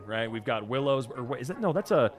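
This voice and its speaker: Lively, sarcastic, swearing male streamer. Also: mid-range voice, quick pace. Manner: animated, swearing, sarcastic asides. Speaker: reaction streamer. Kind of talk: casual reaction commentary.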